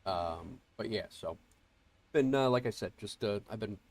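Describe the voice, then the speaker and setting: A creaky, fairly low-pitched man talks at a measured pace while streaming a flight sim. Congested and nasal from a cold, he greets viewers and rambles through casual livestream chat with fillers and restarts, using an earbuds mic.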